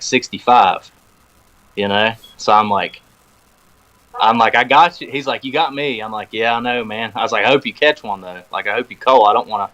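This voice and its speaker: A man of middle pitch, talking easily as a guest on a podcast. He spins a long story, slips into the voices of the people he quotes, and laughs along as he goes. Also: low-quality recording. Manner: animated storyteller, acts out quoted phone talk. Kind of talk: casual storytelling chat. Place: podcast recording room.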